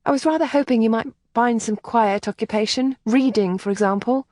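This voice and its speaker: A woman reading an audiobook, voicing a gentle, earnest young gentlewoman who chides softly. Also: fairly high pitch, a little fast, dry recording, studio quality, pitched above the performer's own voice, lightly acted.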